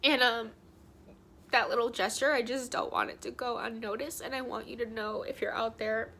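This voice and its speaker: A woman's voice: on the high side, a little fast, gravelly, a bit bright, a little hiss or hum. A young woman vlogger tells a personal story in a heartfelt, emotional way, crying as she talks, full of ums and likes.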